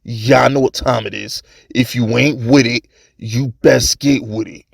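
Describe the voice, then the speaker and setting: A man's voice: mid-range voice, fairly even intonation, measured pace, creaky, very noisy. A man hosting his own sports channel, delivering a heated, fired-up commentary rant in streetwise slang.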